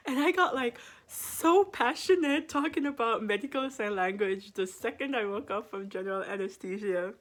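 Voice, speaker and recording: A young woman in her twenties, a medical student, telling a story in a casual vlog with lots of fillers and laughter. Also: a little high. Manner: chatty, laughs often, drawn-out fillers.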